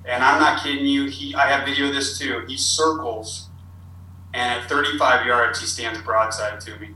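Man, podcast guest, rambling storyteller, bright tone, faint background ambience. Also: mid-range voice, steady tone, normal speed, slight background noise. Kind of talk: casual storytelling. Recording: roomy, distant with faint ambience.

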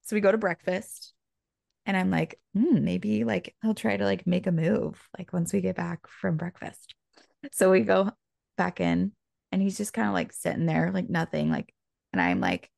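A woman's voice: fairly low pitch, moderate pace, vocal fry, dry recording, studio quality. A young woman co-hosting a podcast, telling a personal story in a casual, chatty way with many fillers. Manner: animated, chatty, frequent "like" fillers. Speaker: podcast co-host.

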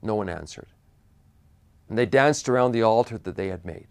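Lively low-voiced male preacher. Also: normal speed, vocal fry, clean tone. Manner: animated storytelling with repeated restarts and chuckles. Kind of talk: sermon retelling a Bible story.

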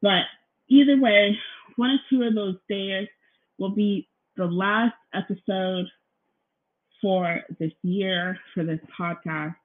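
A young woman hosts a casual solo podcast from her apartment, speaking slowly in a mid-range voice, nervous and seemingly out of breath as she rambles, apologizes, and fills her talk with ums and "you guys." Recorded straight into a laptop with headphones in, the sound is thin and tinny.

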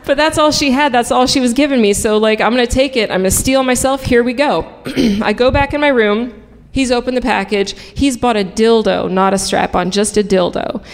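A woman's voice: on the high side, normal speed. A woman telling a frank, comic personal story live on stage, swearing freely and narrating with dry humor. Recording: reverberant hall.

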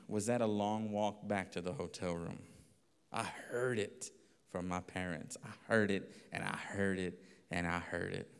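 A pastor telling a lively story in a sermon, acting out voices and laughing often. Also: male voice, fairly low pitch, clear, resonant tone. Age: adult. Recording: long reverb of a hall.

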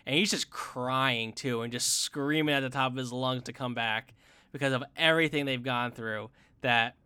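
A man in casual chat, excitedly retelling a fight scene with many restarts, fillers and stumbles. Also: mid-range voice, normal speed, smooth, no echo. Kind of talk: casual chat reviewing an anime film.

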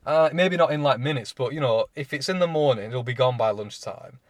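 A man's voice: medium pitch, animated, fairly quick, no echo. Young guy rambling about stuff, swears a lot, lots of likes and um, dry no-room sound. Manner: rambling, frank, heavy swearing, many fillers. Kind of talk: casual monologue.

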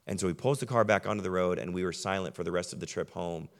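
A young man preaching a sermon as pastor. He tells stories in a low, quiet voice, then lifts his voice loud and high to drive a point home. His pace slows down for weight. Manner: shifts from quiet storytelling to loud emphatic preaching.

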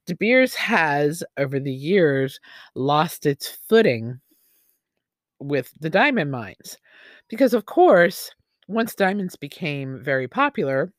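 A man's voice: a little high, no echo. Rambling opinionated man, dry sound. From United States. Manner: rambling, opinionated, with many fillers and restarts. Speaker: podcast host. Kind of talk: casual opinion monologue.

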